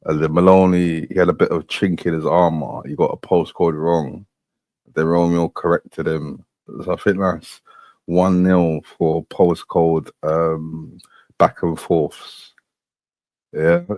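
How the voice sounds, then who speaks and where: A man hosting a show, commenting on replayed clips in a slow, drawling recap with casual slang. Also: deep voice, a little mellow, dry recording. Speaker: host.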